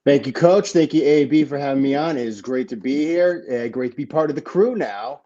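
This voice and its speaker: A man's voice: medium pitch, a little fast, mellow, lo-fi sound. A man joining as a guest betting analyst, greeting the hosts in a friendly, upbeat way. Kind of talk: casual greeting.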